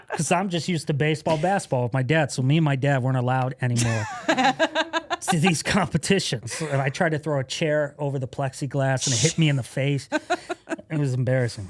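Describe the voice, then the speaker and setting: A man in his thirties, a podcast guest, telling stories in a casual, profane way, laughing often and acting out loud quotes. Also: a little high, animated, a little fast. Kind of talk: casual storytelling.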